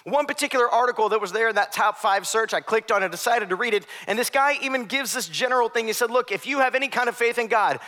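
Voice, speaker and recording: A man's voice: very high voice, fast, few pauses, pushed and bright. A young adult man preaching a sermon as pastor, conversational with joking asides.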